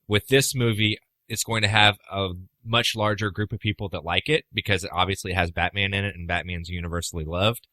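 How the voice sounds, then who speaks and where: A man with a low, forceful voice co-hosts a podcast in casual chat. He argues his side, teases his friend and swears freely. The sound is close and dry. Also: fairly even intonation, a little fast, hardly any pauses, no room sound. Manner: argumentative, teasing, swears freely. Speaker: podcast co-host.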